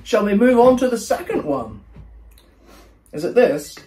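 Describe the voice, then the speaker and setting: A chatty man tastes snacks and reads the packets aloud. His voice sits a little high and swings up and down with lively, animated pitch. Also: a little slow, slight background noise. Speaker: co-host tasting snacks. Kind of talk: casual chat.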